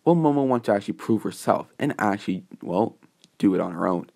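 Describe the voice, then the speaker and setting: A man telling a fan story off the cuff, wandering through his sentences and correcting himself as he goes. His voice sits on the low side and the tone stays casual and unscripted. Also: lively intonation, fairly quick, creaky, darkish tone. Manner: rambling, with fillers and self-corrections. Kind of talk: casual improvised narration.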